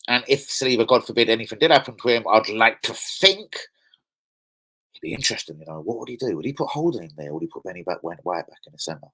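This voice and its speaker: A man hosting a football fan stream, talking in an excitable, slangy, profane, rambling way. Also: fairly low pitch, fast talker, rough recording. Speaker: host of a football fan channel. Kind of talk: casual live-stream chat.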